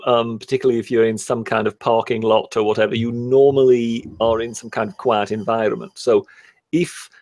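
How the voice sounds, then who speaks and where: A man, co-hosting a casual chat with a measured, hesitant and wry manner. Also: mid-range voice.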